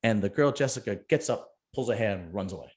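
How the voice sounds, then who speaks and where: A man's voice: on the low side, lively intonation, quick pace. A middle-aged man, hosting a casual chat and telling a rambling, joking story. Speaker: podcast host.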